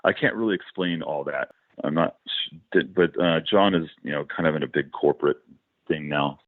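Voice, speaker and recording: A middle-aged man with a very low, deep voice recounts tour stories in a loose, rambling way. He starts over often and piles on asides. The sound is dry and squeezed down to a narrow, phone-like band. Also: normal speed, no echo. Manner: rambling, animated anecdotes with many restarts. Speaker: musician, guest. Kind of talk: casual storytelling in a podcast interview.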